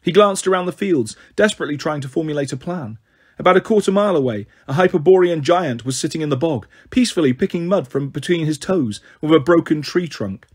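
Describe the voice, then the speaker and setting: A male audiobook reader with a slightly raised pitch and a husky edge to his voice. He moves through the story in a steady, even narrating manner, without rushing.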